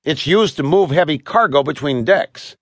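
A kindly pilgrim leader, voiced by a male narrator, patient and explanatory, with a lively, fairly high voice. The recording is close and dry. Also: moderate pace, no room sound. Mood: friendly. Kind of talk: audiobook character voice.

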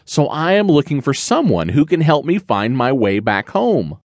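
A man's voice: a little high, big pitch swings, normal speed, a little mellow, voice pushed up. A man doing Little Bear, a lost cub. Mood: friendly, hopeful. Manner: earnest, plaintive and breathy with effort. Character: lost worried young male bear cub. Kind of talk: children's audiobook character voice.

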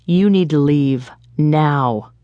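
A woman voicing a menacing, angry middle-aged male politician who speaks slowly and low. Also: dry recording, dull audio. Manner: slow, low and threatening.

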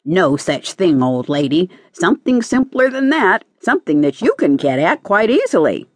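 A woman's voice: lowish voice, sing-song, normal speed, breathy edge, dry recording. A woman voicing a cheerful, knowing male lark in a storybook audiobook, teasing and persistent.

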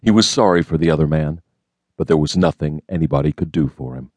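A man narrating an audiobook in a steady, measured reading voice, close to a studio mic. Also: rumbling low, no echo. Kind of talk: scripted narration.

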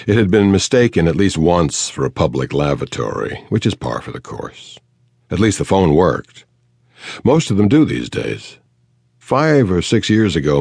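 A man narrating a detective novel in the first person, measured, dry and matter-of-fact. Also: extremely low pitch, gravelly, darkish tone, slightly rough, no room sound. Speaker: audiobook narrator.

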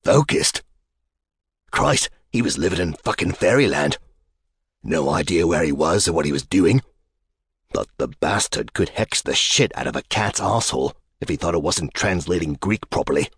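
A crude, peppery older British collector, as a male narrator puts him on in an audiobook. His voice is a husky, tobacco-worn warble sitting low, and his manner is blunt and profane, and the read sounds close and dry. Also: animated, normal speed, no room sound, full character voice. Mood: blunt scorn. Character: gruff aging balding British collector, crude.

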